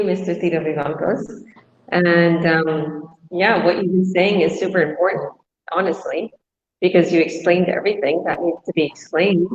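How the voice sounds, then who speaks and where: A woman's voice: lowish voice, a little mellow. Woman host explaining stuff casually, lo-fi dull audio, lots of echo. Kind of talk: webinar hosting. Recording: echoey, dull, lo-fi sound.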